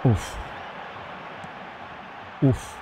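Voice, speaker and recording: Young male gamer, unhurried gameplay commentary over faint background hum; groans and cheers at plays. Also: warm tone.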